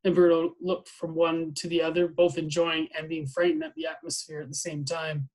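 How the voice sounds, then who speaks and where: A man teacher reading a novel aloud to his class, steady with small slips and restarts. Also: fairly high pitch, normal speed, rough recording.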